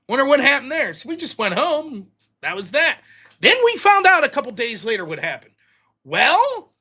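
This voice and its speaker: Profane, animated American storyteller man. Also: very high-pitched. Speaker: host. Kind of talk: casual storytelling.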